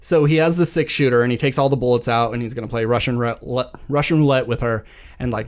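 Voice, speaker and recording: A young adult man co-hosting a podcast, retelling a movie plot in a casual, animated way and acting out the quotes. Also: medium pitch, fast talker. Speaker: podcast co-host. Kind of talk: casual movie recap chat.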